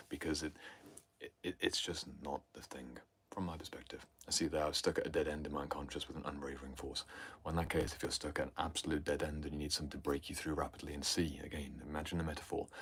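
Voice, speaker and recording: Very deep, husky-voiced man hosting a livestream. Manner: intense, often sinking into a breathy near-whisper; swings between loud emphasis and hushed asides. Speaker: host answering viewer questions. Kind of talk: livestream Q&A talk.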